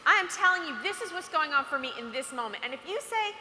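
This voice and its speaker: A woman giving a chatty, animated motivational talk to teenage girls at an event, often acting out what girls say to each other. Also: high-pitched, fast talker, slight background noise. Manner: chatty, animated, acts out quotes. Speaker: speaker at a girls' empowerment event. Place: event hall. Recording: roomy hall with faint ambience.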